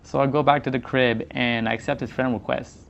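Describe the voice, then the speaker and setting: A man's voice: mid-range voice, fairly even intonation, fairly quick, creaky, highs cut off. A man narrating a personal story in a casual, slangy way, acting out bits of dialogue as he goes.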